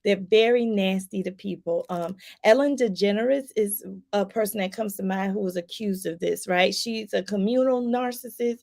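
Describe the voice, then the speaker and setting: A woman's voice: medium pitch, moderate pace, vocal fry, hardly any pauses, a little mellow. A woman life coach talking casually to her viewers, chatty and loose, with lots of fillers and acted-out examples. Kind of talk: casual explanatory talk to viewers.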